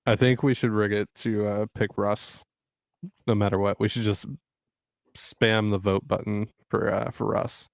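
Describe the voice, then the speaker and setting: A man's voice: on the low side, little pitch movement, measured pace, vocal fry, dry recording, studio quality. A man co-hosting a livestream sports podcast, talking in playful, joking banter. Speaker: podcast co-host. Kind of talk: casual livestream sports chat.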